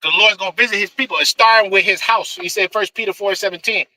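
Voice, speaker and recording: A man's voice: sits high, steady tone, fast, sharp tone, no echo, rough recording. A man preaching scripture in a fiery, profane style, with emphatic repetition and "man" tagged on nearly every line. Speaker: street preacher.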